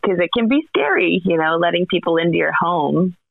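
A woman's voice: fairly low pitch, lively intonation, fairly quick, gravelly, dry recording. Sympathetic woman chatting, sounds like a dry tinny phone call. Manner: sympathetic, conversational. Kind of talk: casual chat.

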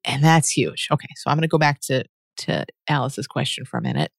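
Gravelly, patient teacher voice, dry sound. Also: medium pitch, big pitch swings, brisk, dry recording. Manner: earnest, patient, reasons aloud and often restarts sentences; laughs softly mid-sentence. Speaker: teacher answering a listener's question. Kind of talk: reflective spoken teaching monologue.

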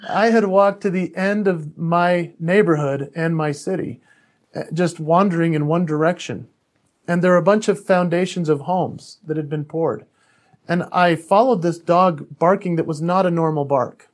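A man's voice: fairly high pitch, steady tone, moderate pace. A man who is an author and speaker, a podcast guest telling a personal story in an earnest, candid way, often restarting his sentences.

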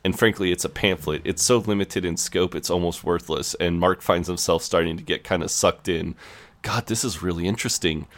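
A man's voice: low voice, steady tone, moderate pace, hardly any pauses. A man co-hosting a podcast, recapping a TV episode in casual chat with dry jokes. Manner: dry, joking, retells scenes in quoted voices. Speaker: podcast co-host.

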